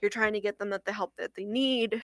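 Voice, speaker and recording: A young woman tells of a hard call from her hotline work, earnest and a little halting, with plenty of "like" along the way. Her voice is bright and taut, set at a middle pitch. The sound is dry and close. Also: fairly even intonation, dry recording, low-quality recording. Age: young adult. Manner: earnest, halting, with frequent "like" fillers. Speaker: domestic violence hotline worker. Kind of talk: recounting a personal experience in an interview.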